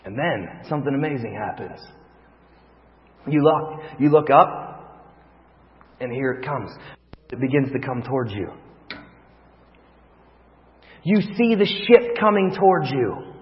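A man preaching a sermon, telling a vivid story that swings from hushed to loud. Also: medium pitch, very animated, normal speed. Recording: long reverb, dull lo-fi sound.

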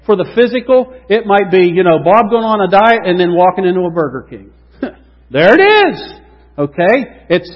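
Animated husky-voiced male pastor preaching. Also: sits high. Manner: animated, swings from loud emphasis to hushed tones. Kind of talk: sermon. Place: church sanctuary. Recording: dull lo-fi recording with long hall reverb.

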